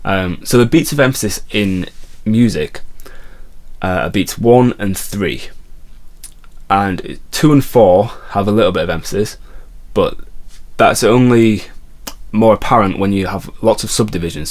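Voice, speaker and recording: A man's voice: lowish voice, normal speed. A man teaching a songwriting lesson as a guitar teacher, explaining patiently and sometimes restarting his phrases. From England.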